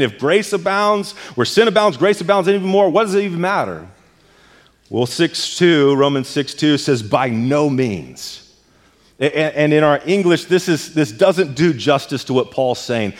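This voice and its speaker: A male pastor preaching a sermon, emphatic and repeating words as he presses a point. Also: fairly high pitch. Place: church sanctuary. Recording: long church hall reverb.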